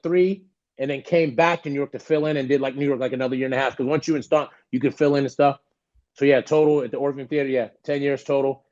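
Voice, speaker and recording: Guy telling a story on a podcast, does everybody's voices, kinda high voice, slightly dull audio. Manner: animated, acts out the voices of people he quotes. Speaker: podcast guest. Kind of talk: storytelling in an interview.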